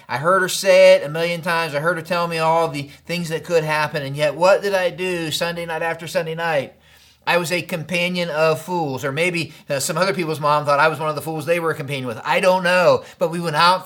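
A man's voice: a little high, a bit bright. A middle-aged man preaching a sermon in a conversational, storytelling way, often checking in with the listeners. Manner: conversational, storytelling with acted quotes and frequent "right?". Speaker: pastor.

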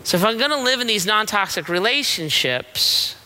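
A man's voice: high voice, big pitch swings, moderate pace, pushed and bright, poor audio. A middle-aged man giving a conversational sermon as pastor, telling stories and checking in with rhetorical questions. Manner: storytelling with frequent rhetorical "right?" checks.

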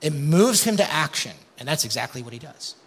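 A man's voice: fairly high pitch, lively intonation, a little fast, a bit bright, husky. A man preaching an impassioned sermon as pastor, often calling his listeners "you guys". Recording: long hall reverb.

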